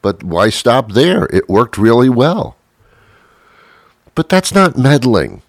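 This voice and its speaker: A man's voice: medium pitch, very animated, takes it slowly, creaky, long pauses, no echo, studio quality. A man performing a sarcastic comedic monologue, ranting and chuckling at his own jokes.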